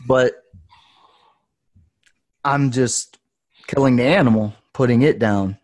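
A man in his thirties, a podcast guest, telling a story in an earnest, intense way that rises at times into loud passion. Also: medium pitch, slow, long pauses. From United States. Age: 30s. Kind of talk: casual storytelling.

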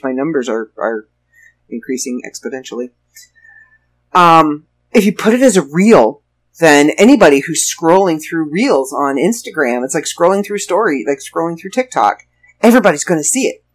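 A woman, an author and show host who lives in Florida, telling stories in a chatty, wry and sarcastic way and laughing often. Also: sits low. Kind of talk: casual storytelling monologue.

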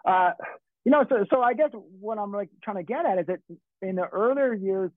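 High-voiced rambling man on a tinny line. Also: moderate pace, no room sound. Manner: rambling, swearing, restarts a lot. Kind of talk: casual chat. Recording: tinny phone-like dry sound.

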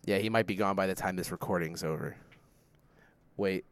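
A young man with a smooth, resonant, lowish voice, recorded close and dry. He talks through sports picks in loose, joking banter, sometimes rambling. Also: moderate pace, no room sound. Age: young adult. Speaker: podcast co-host. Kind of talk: casual sports chat.

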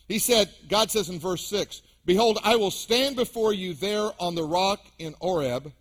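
A man's voice: high voice, unhurried. A man preaching a sermon as pastor to his congregation, with emphatic rises and drops. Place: church sanctuary.

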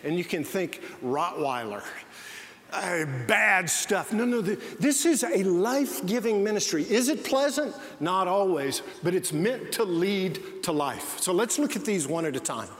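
A man's voice: sits high, expressive, a little slow. A man preaching a sermon as pastor, telling stories with frequent restarts. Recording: long hall reverb, faint noise.

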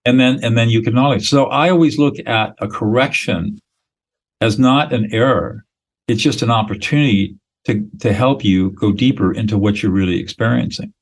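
A man's voice: medium pitch, moderate pace, low-quality recording. A man speaking as a guest expert in a podcast interview, explaining in a blunt, emphatic, lecturing way with short declarative statements.

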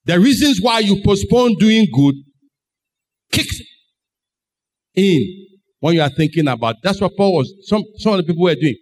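Animated preacher, high voice. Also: male voice, moderate pace, pauses often. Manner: dramatic storytelling, acting out voices in the tale. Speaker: pastor. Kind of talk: sermon.

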